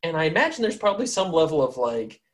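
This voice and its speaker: A man's voice: on the high side, big pitch swings, fast talker. A man hosting a tabletop game podcast, narrating casually with many fillers and frequent laughter. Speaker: game master and podcast host.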